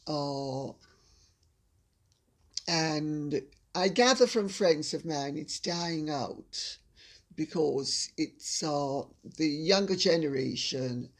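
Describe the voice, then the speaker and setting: Older jamaican lady chatting, slow and sure of herself, kinda husky. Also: low-pitched, animated. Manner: measured, deliberate, assured. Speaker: host answering viewer questions. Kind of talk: casual chat.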